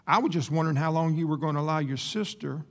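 A man voicing a calm, knowing old grandmother in a sermon story, speaking gently and patiently. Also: fairly high pitch, quick pace, creaky. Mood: gentle. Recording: reverberant hall with faint guitar.

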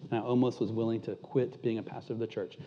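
A man's voice: mid-range voice, flat delivery, fast, a little hiss or hum. Man preaching in an echoing hall. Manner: candid storytelling, self-deprecating, drops to a hush at tender moments. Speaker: pastor. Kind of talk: sermon. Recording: muffled sound with long hall reverb.

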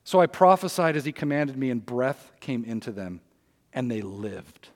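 This pastor preaches a sermon in a medium-pitched, sing-song voice at normal speed, reading scripture aloud with emphasis and slipping into conversational asides. The recording carries the long reverb of a hall.

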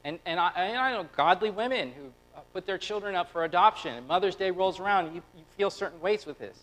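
A man in his thirties preaching a lively, conversational sermon, acting out quotes and turning quiet and tender at personal moments. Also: high-pitched, fast, rough recording. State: close to tears. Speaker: pastor.

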